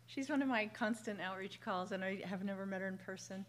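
A woman in her fifties sharing her story at a recovery meeting, emotional and halting, with many fillers and restarts. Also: medium pitch, a little hiss or hum. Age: 50s. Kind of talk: personal share at a recovery meeting. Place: meeting room.

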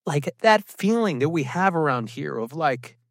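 A man sharing his recovery testimony at a meeting, telling it as an animated story with self-mocking asides and quick impressions of other people. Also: on the high side, dry recording, clean studio sound. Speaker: recovery program speaker. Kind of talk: personal testimony talk.

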